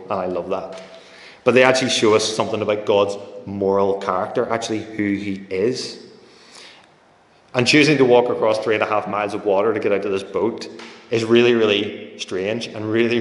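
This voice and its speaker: A preacher with a low voice gives a relaxed, conversational sermon, drifting into stories and performing quoted voices. The church hall he speaks in rings with a long, roomy reverb.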